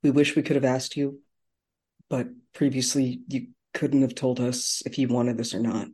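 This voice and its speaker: A man playing a tabletop game, speaking in character in a calm, reassuring way. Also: mid-range voice, normal speed, slightly rough. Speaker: player.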